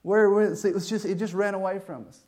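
A man preaching a sermon, joking with the congregation in an animated way. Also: sits high, quick pace.

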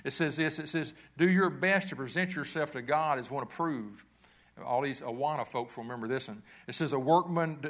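A pastor delivers his sermon in a slightly higher-than-usual man's voice. He preaches earnestly, circling back on the same phrases and restarting sentences as he goes. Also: fairly bright tone.

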